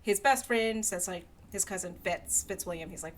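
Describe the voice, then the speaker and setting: A young adult woman co-hosting a podcast, chatty and animated, recapping a story with many "like"s. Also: lowish voice, a little fast, few pauses. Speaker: podcast co-host. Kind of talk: casual chat, story recap.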